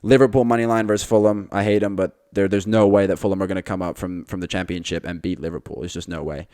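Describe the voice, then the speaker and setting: A man's voice: sits low, steady tone, quick pace, dark tone, no echo, clean studio sound. A man hosting a podcast, giving his betting picks in a confident, chatty monologue to listeners. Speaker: podcast host.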